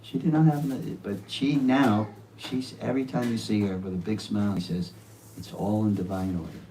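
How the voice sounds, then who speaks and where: A man's voice: medium pitch, moderate pace, far from the mic, a little hiss or hum, low-quality recording. A man in his seventies giving an earnest devotional talk at a home gathering. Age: 70s. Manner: earnest, with warm laughter and quoted asides. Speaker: speaker at a devotional home program.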